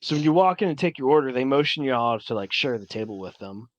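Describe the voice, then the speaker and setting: Animated male game master, dry close sound. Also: medium pitch, quick pace, no room sound. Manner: animated, many fillers and restarts. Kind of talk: narrating a tabletop game.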